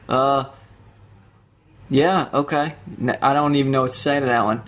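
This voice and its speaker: Podcast host, young man, mid-pitched, swears constantly, sneers as he mocks people. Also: steady tone, normal speed, a bit bright. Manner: profane, sarcastic ranting with mocking put-on quotes. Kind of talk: solo podcast rant.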